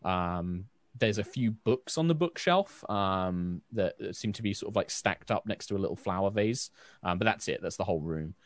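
Casual low-voiced male game master. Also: lively intonation, normal speed, no echo. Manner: casual, filler-heavy narration. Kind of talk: narrating a tabletop game.

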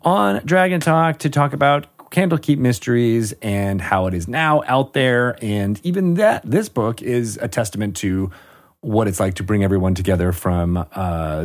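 A man hosts a podcast in relaxed, friendly chat. His voice sits a little low, and he rambles, leaning on lots of fillers as he goes. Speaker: podcast host. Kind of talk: casual chat.

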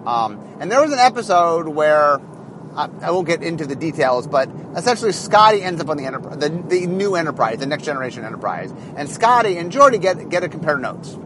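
A man's voice: a little high, very animated, brisk, background noise. A man, a head designer, talking in a rambling casual monologue with many fillers and restarts, recorded in a car.

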